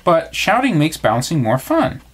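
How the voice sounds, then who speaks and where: A man's voice: fairly high pitch, huge pitch swings, a little slow, slightly rough, voice pushed up, exaggerated voice. A man voicing a small, playful young male kangaroo in a bedtime storybook reading. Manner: playful, cheeky.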